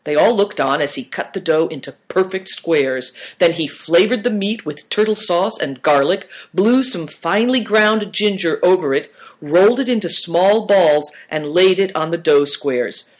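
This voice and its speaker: Narrator for a storybook read-aloud, mid-pitched, steady and calm. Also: normal speed. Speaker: audiobook narrator.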